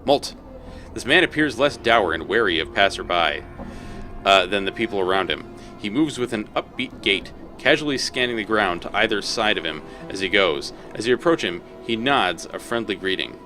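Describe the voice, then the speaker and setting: A man streams a role-playing game, reading its text aloud and reacting to what happens. His voice is fairly low but bright and crisp, with faint music behind him. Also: lively intonation, normal speed.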